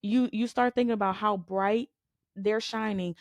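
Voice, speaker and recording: A woman's voice: medium pitch, steady tone, normal speed, no room sound. A woman co-hosting a faith podcast. She preaches in a conversational way, stressing her points with repetition and rhetorical questions, and keeps asking "you know what I'm saying?". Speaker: podcast co-host.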